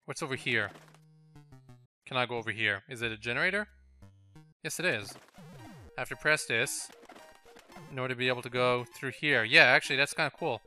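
A man's voice: mid-range voice, fairly quick, long pauses, pushed and bright, soft background music. A man with a French accent hosting a game video, chatting and laughing through casual let's-play commentary aimed at the level maker. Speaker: gaming channel host.

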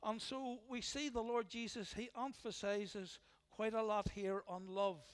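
A man's voice: sits high, steady tone, measured pace, clear, resonant tone. A man with a Northern Irish accent preaching a sermon as pastor, earnest and emphatic, often repeating phrases for weight. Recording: long hall reverb.

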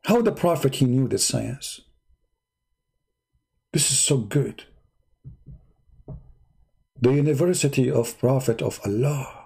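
Gravelly sarcastic man. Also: mid-range voice, animated, a little mellow. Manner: sarcastic, drawn-out mocking delivery. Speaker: live stream debate host. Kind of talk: mocking live-stream commentary.

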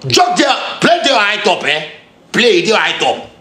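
A man speaks with a strong Ghanaian Pidgin English accent, his voice sitting high and leaping all over the place as he rants. He is confrontational and streetwise, hammering the same phrases again and again. The room is echoey, with a faint hiss of noise underneath. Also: wildly swooping pitch, unhurried, sharp tone. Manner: confrontational, heated, streetwise slang, repeats phrases. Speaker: musician. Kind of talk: angry direct-to-camera rant.

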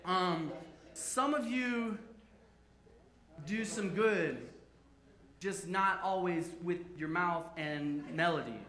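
Bright, high-voiced man preaching with humor. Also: slow, long pauses. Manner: playful, joking with the congregation. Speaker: pastor. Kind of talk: sermon. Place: church sanctuary. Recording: echoey church sanctuary.

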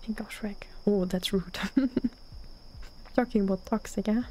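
A young German woman with a German accent, chatting softly and often half-whispering in a relaxed ASMR gaming stream, close to the mic. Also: medium pitch, a little slow. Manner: often half-whispered, relaxed, answers chat between gameplay. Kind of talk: soft-spoken ASMR gaming stream chat. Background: faint lo-fi music.

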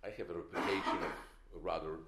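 A man's voice: low-pitched, steady tone, fairly quick, very noisy. Older man lecturing, emphatic. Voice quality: opinionated, emphatic, wry storytelling. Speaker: film director giving a masterclass. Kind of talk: masterclass lecture. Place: lecture hall. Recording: echoey lecture hall.

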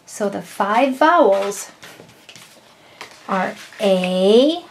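A middle-aged woman, a mother, patiently explaining vowels and punctuation to young children, with slow, drawn-out words. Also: medium pitch, expressive, a little hiss or hum. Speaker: children's educational video host.

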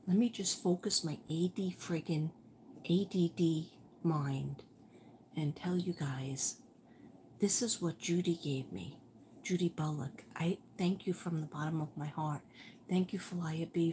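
A woman's voice: low voice, a little mellow, slight background noise. An older woman chatting rambly and casually on a livestream at home at night, often dropping to a near whisper. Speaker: livestream host.

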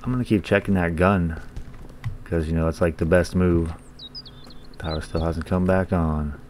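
A deep-voiced man gives casual let's-play commentary over a horror game, swearing freely and cracking jokes at the characters. His voice sits low, and a faint hiss is heard behind it. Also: fairly even intonation, normal speed, darkish tone. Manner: profane, joking, talks to game characters. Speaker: gaming channel host.

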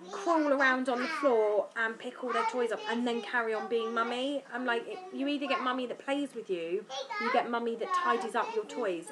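A young British woman with an English accent chatting casually to camera about family life, lively and a bit tired. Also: fairly high pitch, heavy background noise. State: tired from lack of sleep. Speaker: vlogger.

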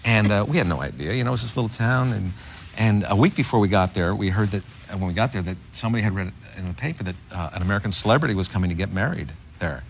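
Middle-aged male guest, low, lively and fast, laughs through his stories; noisy studio sound. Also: creaky. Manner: animated, laughing through punchlines. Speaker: talk show guest. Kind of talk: anecdotal storytelling.

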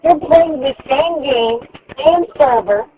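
A man with a very high, squeaky voice, swearing and shouting insults in online game voice chat. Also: slow, slight background noise, poor audio. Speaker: online gamer. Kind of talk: trash talk over voice chat.

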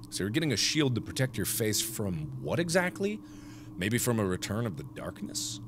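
Animated man commenting on a game. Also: lowish voice, brisk, a little hiss or hum. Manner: animated, joking, thinks aloud. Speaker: gaming video host. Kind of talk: let's play commentary.

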